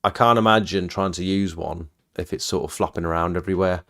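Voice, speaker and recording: A man hosting a live stream, giving relaxed advice on roof cleaning gear in a casual chat. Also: sits low, fairly quick, creaky. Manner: relaxed, advising, chuckles while telling stories.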